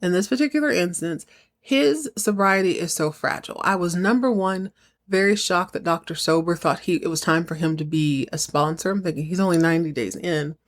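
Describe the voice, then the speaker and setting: A woman with a Southern US accent hosting a podcast, recapping a TV episode in a casual, animated way and acting out characters' lines. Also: lowish voice, brisk. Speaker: podcast host.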